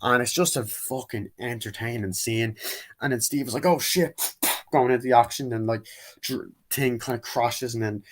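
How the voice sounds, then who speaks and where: A young man giving a casual spoken movie review, rambling and acting out scenes in quick impressions. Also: medium pitch, fairly even intonation.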